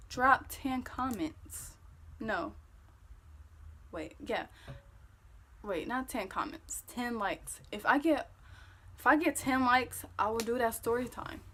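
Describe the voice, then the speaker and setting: A young woman vlogger with a fairly high voice tells a story-time tale in casual, profane, animated talk. She gets loud when she replays an argument.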